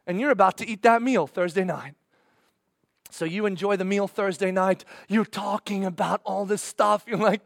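High-voiced man preaching dramatically. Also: moderate pace, no echo, clean studio sound. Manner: dramatic storytelling, acting out dialogue. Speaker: pastor. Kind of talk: sermon.

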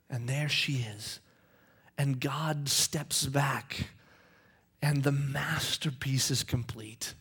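A man preaching a sermon, telling the story with acted-out voices and swinging between loud bursts and hushed, near-whispered passages. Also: on the high side. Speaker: pastor.

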